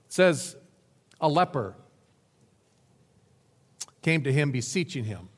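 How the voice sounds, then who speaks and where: A man's voice: fairly high pitch, sing-song, slow. A man preaching a sermon with dramatic emphasis, lists and repetition. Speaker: pastor. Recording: long hall reverb.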